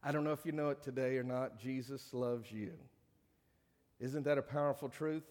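A man's voice: medium pitch, steady tone, normal speed. Man preaching in an echoing hall. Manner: preaching with swelling emphasis and hushed drops. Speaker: pastor. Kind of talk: sermon. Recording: long reverb of a large hall.

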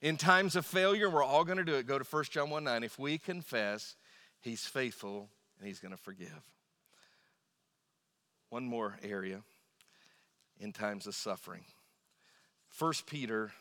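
A man's voice: medium pitch, moderate pace, long pauses, pushed and bright, big-room sound. A man preaching a sermon as pastor, speaking emphatically and acting out quoted voices, his voice rising and dropping.

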